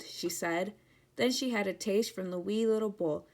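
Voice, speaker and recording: A woman teacher giving an interactive children's read-aloud, speaking directly and warmly to the kids. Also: fairly low pitch, fairly even intonation, a little slow, creaky.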